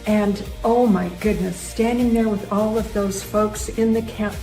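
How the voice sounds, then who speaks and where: A woman's voice: mid-range voice, fairly even intonation, measured pace, dark tone, reverberant, faint music behind. A woman in her fifties from Canada, speaking earnestly and emotionally as a guest. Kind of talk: heartfelt personal talk.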